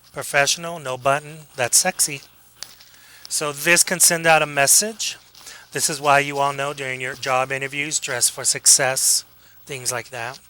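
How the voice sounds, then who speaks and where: A man giving a casual classroom lecture, joking with students, acting out quick examples and checking in with a frequent "okay?". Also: a little high, bright, forceful tone, a little hiss or hum, rough recording. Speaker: college lecturer.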